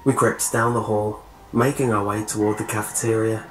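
A man's voice: on the low side, flat delivery, moderate pace. Male horror story narrator, echoey. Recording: roomy echo, faint hiss.

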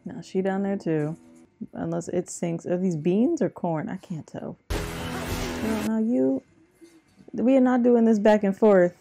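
A young woman hosting a movie reaction, talking quietly and close to a whisper with wry quips. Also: mid-range voice, takes it slowly, vocal fry, long pauses, music in the background. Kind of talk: hushed movie reaction chat.

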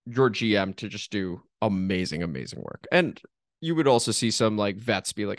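Dry-voiced podcast host. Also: male voice, on the low side, normal speed, no echo. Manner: conversational, chuckling, uses analogies. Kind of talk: casual sports podcast chat.

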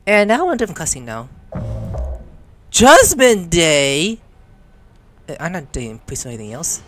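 A woman playing a video game and commenting excitedly, swearing and shrieking in surprise and reading the game's dialogue aloud. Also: sits low, racing, slight background noise. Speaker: gaming YouTuber.

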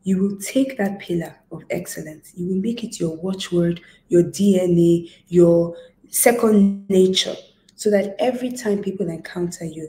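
A woman giving a leadership coaching talk in a fairly low voice. She speaks emphatically, stacks her points in lists and repetitions, and asks the listener direct questions. The sound is echoey, as in a bare room. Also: mellow, a little hiss or hum. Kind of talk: motivational talk to camera.

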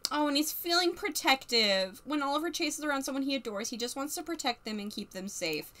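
A woman streaming a life-sim game, chatting casually as she plays. Her voice is bright and a touch high, and it swoops up and down as she talks the characters through their moods. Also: animated, a little fast. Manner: chatty, narrates characters' feelings, laughs often. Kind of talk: casual gameplay commentary.

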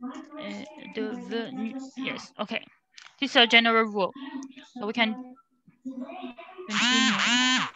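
A woman's voice: fairly high pitch, slow pace, long pauses, a crowd in the background, low-quality recording. A woman tutoring French one-on-one, patiently correcting and prompting her student. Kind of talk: one-on-one language lesson.

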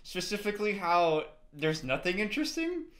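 A woman's voice: medium pitch, big pitch swings, normal speed. A young woman giving casual, profane reaction commentary on a film, swinging between outbursts and laughter.

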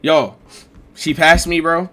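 Speaking slowly in a higher voice, a man narrates a story to his live stream chat. It comes out slangy and excitable, shifting from mumbled asides to loud exclaims.

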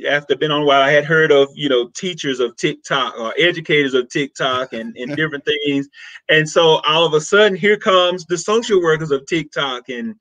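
A man's voice: on the high side, brisk, hardly any pauses, dry recording, low-quality recording. A man from Mississippi with a Southern accent, a social worker chatting as a podcast guest and acting out quotes as he tells stories. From Mississippi, USA. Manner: animated storyteller, acts out quotes. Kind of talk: casual interview chat.

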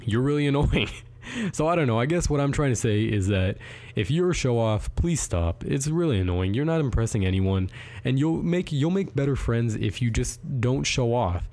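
A man's voice: mid-range voice, expressive, moderate pace, darkish tone. A teenage boy vlogging, talking bluntly and informally to his viewers. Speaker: YouTube vlogger. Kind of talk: casual to-camera rant.

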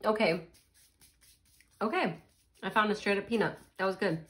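A woman's voice: mid-range voice, normal speed, fairly bright tone. A woman chatting casually while tasting snacks, murmuring and laughing as she eats. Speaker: snack reviewer.

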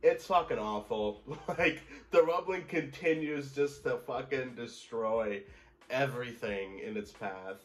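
Slow-talking man reacting in an echoey room. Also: mid-range voice, fairly even intonation. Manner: exclaiming, swearing, calls listener bro. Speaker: manga reaction host. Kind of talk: casual reaction commentary.

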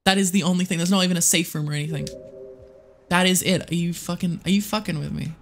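A young adult game streamer talking live to chat, jumpy and quick to curse. They ramble in restarts and running self-talk while playing. The voice sits in a middling pitch. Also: slight background noise. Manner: excitable and swearing, chatting with viewers.

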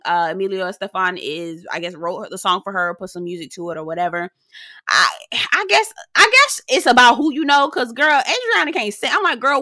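In a dry, studio-quality recording, a woman recaps reality TV casually, swearing often and doing quick impressions of the cast. Her medium-pitched voice sounds bright and pushed, and her manner is sassy and dramatic.

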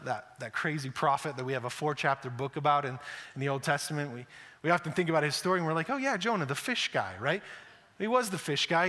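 A male pastor with a fairly high, sharp voice delivers a conversational sermon in a church sanctuary, with the echo of the hall clearly audible. He acts out quotes and keeps repeating words.

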